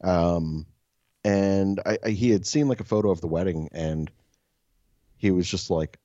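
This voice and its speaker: A man's voice: low voice, normal speed, mellow, dry recording, highs cut off. A young man co-hosting a podcast, telling profane, self-mocking stories in a casual chat. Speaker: podcast co-host.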